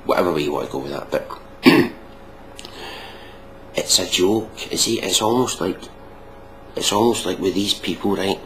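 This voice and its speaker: A man's voice: sits low, expressive, moderate pace, long pauses, a bit bright, a little hiss or hum, low-quality recording. A man hosting a casual reaction video, mocking and sarcastic, swearing freely.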